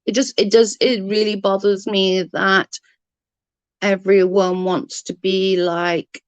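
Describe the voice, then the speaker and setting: A woman's voice: medium pitch, little pitch movement, takes it slowly, clean tone, no echo. A woman on a casual livestream, ranting in exasperation, swearing freely and answering chat comments. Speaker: live streamer reading chat comments.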